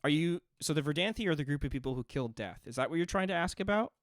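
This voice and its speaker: A man running a tabletop game as game master, narrating scenes in a measured, descriptive way. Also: a little high, expressive, no room sound, clean studio sound.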